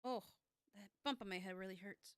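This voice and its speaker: A woman's voice: medium pitch, lively intonation, normal speed, pushed and bright, smooth, no room sound, clean studio sound. A woman in her thirties chatting casually on a live stream as a tarot reader. She rambles and teases herself, with lots of fillers and restarts. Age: 30s. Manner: rambling and self-teasing, with many fillers and restarts.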